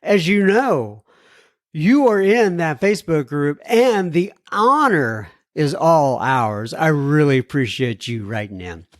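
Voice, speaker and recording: A man's voice: a little high, sing-song, slow pace, no room sound, clean studio sound. A man from Texas hosting a podcast, reading listener emails aloud and talking to his listeners in an earnest, rambling way with many restarts. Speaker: podcast host.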